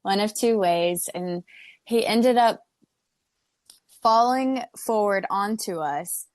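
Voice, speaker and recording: A young woman talking as a podcast guest, her voice sitting in an ordinary middle register. The sound is dry and close, and she tells her story excitably, full of "like.". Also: medium pitch, slow pace, dry recording. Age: young adult. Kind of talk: casual interview storytelling.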